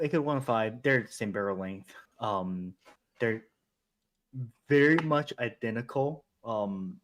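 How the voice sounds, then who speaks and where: A man talking as a guest on a casual podcast, halting often with ums and casual swearing. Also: fairly low pitch.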